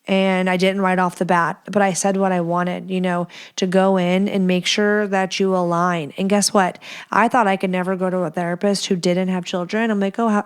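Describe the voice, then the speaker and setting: Her voice is medium-pitched, clear and resonant. This thirtysomething podcast host gives frank, no-nonsense advice, cursing liberally and performing the voices of those she quotes.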